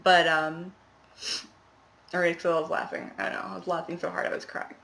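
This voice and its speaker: A woman's voice: on the low side, little pitch movement, a little fast, gravelly, fairly bright tone. A young woman chatting casually to camera about her cross-stitch, rambling with laughing asides, recorded at home in a small apartment.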